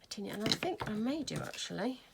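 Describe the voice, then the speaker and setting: A woman's voice: medium pitch, sing-song, a little fast, vocal fry, heavy background noise. A woman hosting a casual crafting tutorial, chatting and thinking aloud as she works. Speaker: craft video host.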